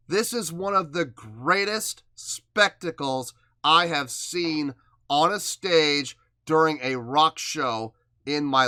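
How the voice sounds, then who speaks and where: A man hosting a music reaction video, emotional and excitable, moving between hushed awe and loud outbursts. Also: fairly high pitch, no room sound. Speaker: reaction channel host.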